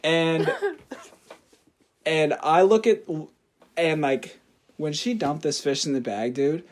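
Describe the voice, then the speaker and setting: A young man telling a story on his podcast, his voice sitting a bit higher than most men's. He talks loosely and animatedly, laughs through his own story and swears without a second thought. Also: takes it slowly. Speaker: podcast co-host. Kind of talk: casual storytelling.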